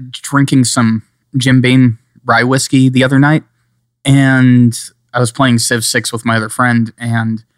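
A man's voice: mid-range voice, no echo, studio quality. A man co-hosting a podcast in casual, joking chat, rambling and sometimes slipping into playful put-on accents. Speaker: podcast co-host.

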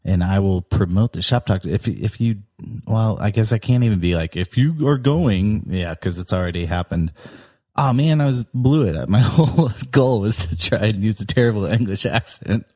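A man's voice: lowish voice, expressive, moderate pace, dark tone. A man co-hosting a podcast, chatting in an upbeat way and laughing easily. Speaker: podcast co-host. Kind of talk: casual chat.

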